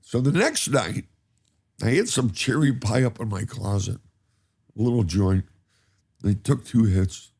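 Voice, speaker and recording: Husky older man telling animated stories. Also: on the low side, a little slow, long pauses. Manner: animated storyteller who laughs often. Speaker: guest. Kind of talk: casual storytelling chat. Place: cannabis company campus studio.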